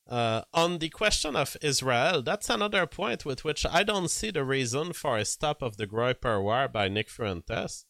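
A man's voice: medium pitch, bright, forceful tone, no room sound. A man giving opinionated political commentary in casual talk, breaking into mocking impressions, with frequent restarts.

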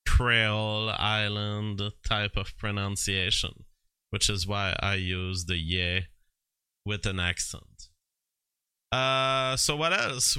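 A low-voiced man from Quebec hosts a livestream, reading chat messages and commenting on the news. He talks slowly, with many fillers and restarts. His voice is bright and clear, recorded dry on a close mic. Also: no room sound. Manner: slow, drawn-out delivery with frequent fillers and restarts.

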